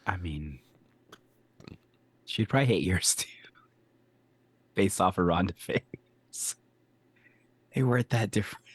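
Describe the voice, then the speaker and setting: A man with a fairly low voice, co-hosting a podcast and trading wry, joking remarks while recapping a TV show. He sounds like he is in his thirties or older. The recording is dry and close. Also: expressive, takes it slowly, pauses often, husky, no echo. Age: 30s or older. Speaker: podcast co-host. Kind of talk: casual chat recapping a TV episode.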